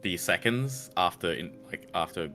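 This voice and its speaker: An Australian man co-hosting a casual movie chat, lively and jokey. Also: low-pitched, moderate pace, faint music behind. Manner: lively, jokey, breaks into quoted voices. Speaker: co-host.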